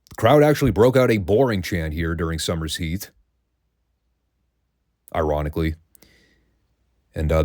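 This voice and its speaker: A man's voice: low voice, darkish tone, no echo, studio quality. A man hosting a review podcast, ranting in a sarcastic, profane way. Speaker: podcast host reviewing wrestling.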